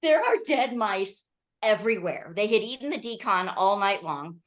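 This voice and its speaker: This Colorado woman delivers a training talk, spinning lively stories and frequently asking "okay?" or "right?" to keep listeners with her. She talks at a normal speed in a medium pitch.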